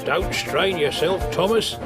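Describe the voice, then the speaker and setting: A man's voice: high voice, measured pace. A man voicing a kindly, friendly male train driver who worries over his engine, in a storybook reading. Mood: caring. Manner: friendly, encouraging. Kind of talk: storybook character voice. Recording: loud music underneath.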